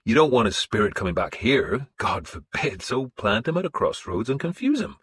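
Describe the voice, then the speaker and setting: A man voicing a grinning, loyal warrior who speaks softly and wryly. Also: mid-range voice, big pitch swings, moderate pace, slight background noise, pitched above the performer's own voice. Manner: soft, wry and teasing. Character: grinning loyal male warrior, wry and menacing. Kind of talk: audiobook character voice.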